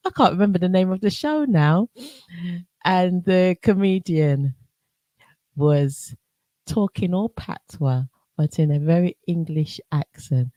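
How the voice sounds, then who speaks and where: A woman's voice: on the low side, a little slow, warm tone, dry recording. A woman hosting a radio show, chatting casually in a playful, giggly way.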